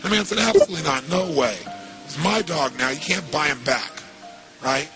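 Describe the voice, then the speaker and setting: Gravelly man telling a story. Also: a little high, moderate pace, over music, poor audio. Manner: lively, acts out quoted dialogue, asks the audience questions. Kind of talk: storytelling to an audience.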